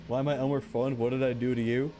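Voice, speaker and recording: A man's voice: medium pitch, level tone, quick pace, mellow, a little hiss or hum. A man streaming a game, rambling and joking back and forth with his chat. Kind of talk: casual gameplay commentary.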